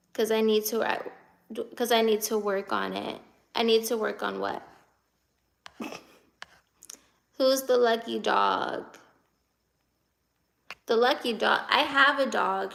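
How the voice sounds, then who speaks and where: Slow-talking young woman with vocal fry. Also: mid-range voice, fairly bright tone. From United States. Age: 20s. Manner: chatty, answers comments as they come in, laughs often. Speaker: live-stream host. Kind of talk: casual live-stream chat, reading viewer comments.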